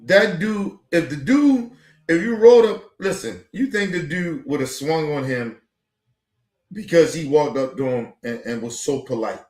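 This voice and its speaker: A man ranting on his stream, voice pitched a bit high, swearing freely and hammering the same points again and again. The room around him rings with echo. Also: unhurried. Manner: profane, animated, repetitive. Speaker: streamer host. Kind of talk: heated commentary.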